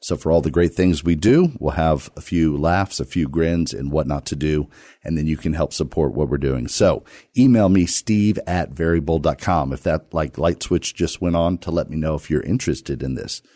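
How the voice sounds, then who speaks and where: A man hosting a radio Bible study podcast, talking casually with playful, self-deprecating jokes and sudden lively jumps. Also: very deep voice, moderate pace, no echo, studio quality. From Virginia, US.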